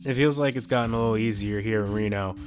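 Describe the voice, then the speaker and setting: Young male gaming creator, low monotone, hesitant in-character talk over music. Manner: halting, hesitant, full of "you know". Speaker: gaming YouTuber. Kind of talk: in-character role-play monologue. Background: background music.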